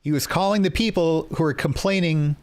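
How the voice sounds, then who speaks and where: Wry higher-voiced man on a podcast. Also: fairly quick, a little mellow. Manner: wry, puts on joking accents. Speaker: podcast co-host. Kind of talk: casual chat.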